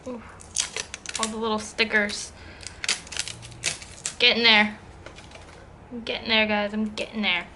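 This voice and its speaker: A woman's voice: on the high side, level tone, unhurried, pauses often, background noise. Chatty young woman unboxing beauty products. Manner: chatty, addressing viewers as guys. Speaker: beauty vlogger.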